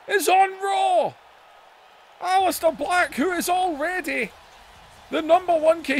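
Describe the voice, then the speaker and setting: A man hosting a gaming video, giving excited wrestling-style play-by-play that bursts into shouts. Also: very high-pitched, slight background noise. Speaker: YouTube gaming host.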